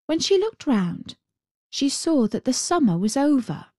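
Slow, expressive woman reading a fairy tale. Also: high-pitched, dry recording, clean studio sound. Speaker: storyteller.

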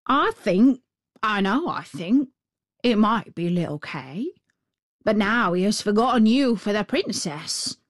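A woman doing a slow, knowing storybook crow. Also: mid-range voice, lively intonation, no room sound, clean studio sound. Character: thoughtful gossipy male crow.

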